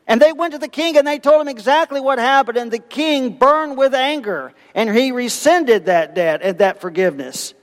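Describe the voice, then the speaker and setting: A man preaching a sermon, telling a parable with lively, animated storytelling and acting out the voices of its characters. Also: very high voice, in a large hall. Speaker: pastor.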